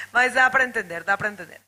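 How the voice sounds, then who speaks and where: Chatty high-voiced woman commentator. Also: rough recording. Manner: chatty, greets viewers. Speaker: bodyboarding commentator. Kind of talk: live sports commentary. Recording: loud crowd behind.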